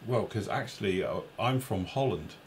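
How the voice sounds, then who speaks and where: A man's voice: on the low side, lively intonation, normal speed, a little hiss or hum. An English man co-hosting a live chat show, rambling and poking fun at himself. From England. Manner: rambling, self-mocking, reads viewer comments aloud. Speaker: show co-host.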